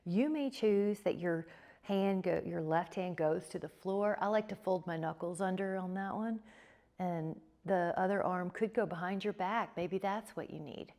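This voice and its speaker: A woman teaching a yoga class, giving calm, encouraging cues with repeated prompts to breathe. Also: on the low side, measured pace. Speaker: yoga instructor. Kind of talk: guided yoga class instruction.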